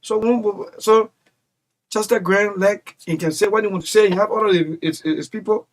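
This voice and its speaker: Male radio host, high-pitched, emphatic and chatty with callers. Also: normal speed. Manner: animated, emphatic, rambling. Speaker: radio talk show host. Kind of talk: call-in radio talk.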